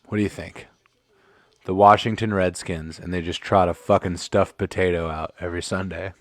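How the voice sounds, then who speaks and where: A man's voice: deep voice, fairly even intonation, normal speed, no room sound. A man hosting a casual live sports commentary stream, joking and swearing as he rambles, a bit tipsy from drinks. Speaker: livestream host.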